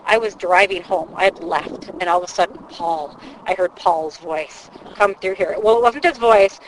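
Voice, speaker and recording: A woman's voice: medium pitch, moderate pace, a little hiss or hum, low-quality recording. Chatty woman ghost-hunting guide outdoors. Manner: chatty, animated storyteller. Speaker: paranormal investigator guide. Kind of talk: casual explanatory chat. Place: outdoors by a waterfront channel.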